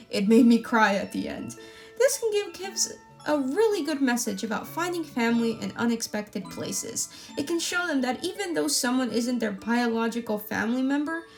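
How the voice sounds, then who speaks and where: A woman casually reviewing an animated film, talking in an enthusiastic, gushing way. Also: fairly high pitch.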